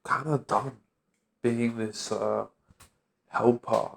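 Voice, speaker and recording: A man with a gravelly, creaky voice talking in a bitter, agitated vlog rant. He swears freely and sounds worn out and fed up. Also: mid-range voice, steady tone, takes it slowly. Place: London street.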